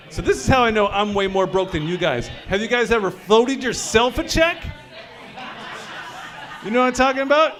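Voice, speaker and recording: A man with a high voice performs stand-up at a brewery showcase. He talks crude and casual, keeps checking in with the audience, and delivers his set in a chatty way. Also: a bit bright. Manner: crude, conversational, quizzing the crowd. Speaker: stand-up comedian.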